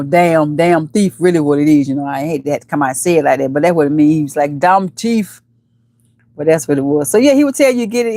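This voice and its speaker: A chatty woman hosts a casual live stream, talking to her viewers in a fairly low voice that now and then jumps into playful high squeals. She calls the chat baby and honey. The sound is dry and close, with no room around it. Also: a little mellow, dry recording. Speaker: livestream host.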